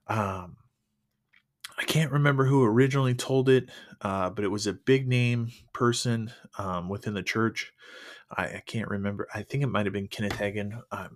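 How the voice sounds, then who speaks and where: Halting man telling a faith story. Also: fairly low pitch. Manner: halting, full of fillers and restarts. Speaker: podcast host sharing testimony. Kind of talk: personal testimony storytelling.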